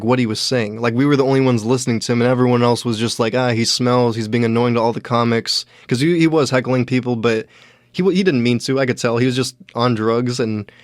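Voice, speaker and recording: A young man hosting a podcast, telling a comedy story in a halting, deadpan way with many restarts. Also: mid-range voice, no room sound. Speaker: podcast host, stand-up comedian. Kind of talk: casual solo storytelling.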